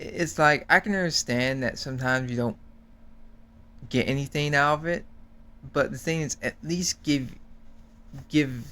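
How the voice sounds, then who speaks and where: A man's voice: mid-range voice, fairly bright tone. A man guest on a chat, talking in an earnest, complaining rant. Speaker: guest YouTuber. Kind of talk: casual chat.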